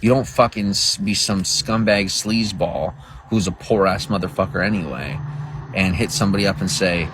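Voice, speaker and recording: A man's voice: lowish voice, moderate pace, background noise. A man livestreaming to viewers in casual talk, crude, boastful and rambling. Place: outdoors by a road.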